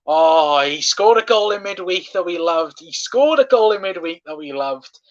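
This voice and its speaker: A man's voice: high voice, expressive, normal speed, dull audio. Ranting, swearing football fan man. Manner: passionate, swearing, ranting at referee decisions. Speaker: fan watchalong host. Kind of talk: live football watchalong commentary.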